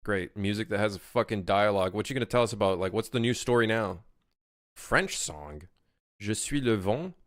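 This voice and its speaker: A man's voice: lowish voice, brisk, a bit bright, dry recording, clean studio sound. Exasperated, swearing young male streamer. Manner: profane, exasperated, talks to chat. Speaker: streamer and game developer. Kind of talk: casual livestream chat.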